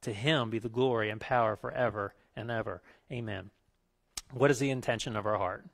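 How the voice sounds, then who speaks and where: A middle-aged male pastor giving a conversational sermon, telling stories and building into animated rants. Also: fairly low pitch, fairly quick, gravelly.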